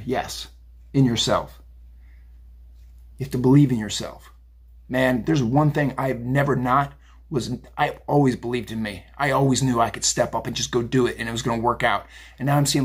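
On a phone video, a tarot reader with a medium-pitched, slightly rough voice gives a blunt, fired-up reading. He swears and rambles in a casual, profane psychic rant.

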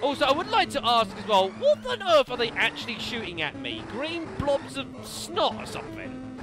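A man commentating a video game, excitable and self-mocking, yelling at the enemies. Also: very high-pitched, normal speed. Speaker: let's play commentator. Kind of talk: gaming commentary. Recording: game music behind the voice.

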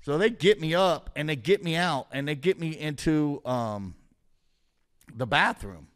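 Male podcast guest, slightly high voice, profane, rambling, vivid storyteller. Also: animated, unhurried, a bit bright. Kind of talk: casual storytelling.

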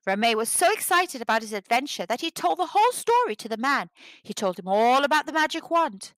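Storyteller, female, fairly high voice, animated delivery, dry close sound, children's read-aloud. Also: brisk, dry recording.

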